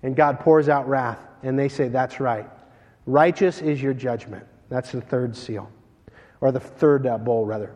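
Animated preacher in an echoing hall. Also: male voice, fairly high pitch. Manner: animated, jokey storytelling between readings. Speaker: pastor. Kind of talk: sermon. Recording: long hall reverb.

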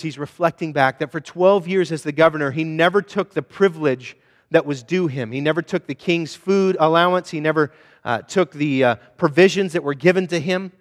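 A man preaching a sermon as a pastor, swinging between hushed asides and loud exhortation. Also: fairly high pitch, in a large hall.

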